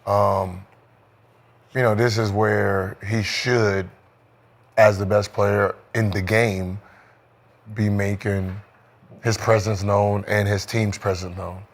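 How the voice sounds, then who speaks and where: A man's voice: on the low side, little pitch movement, slow pace, long pauses. A man co-hosting a casual sports podcast, rambling loosely with many "you know" fillers. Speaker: podcast co-host, former basketball player.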